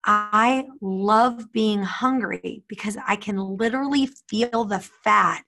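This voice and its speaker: A woman in casual conversation, speaking animatedly and acting out quoted people in a higher voice. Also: slow, bright, forceful tone. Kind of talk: casual chat.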